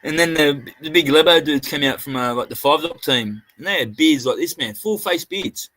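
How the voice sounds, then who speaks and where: A man's voice: fairly high pitch, moderate pace, pushed and bright, no echo. A man with an Australian accent telling crude, laughing anecdotes in a casual chat, slipping into put-on voices. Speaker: podcast co-host.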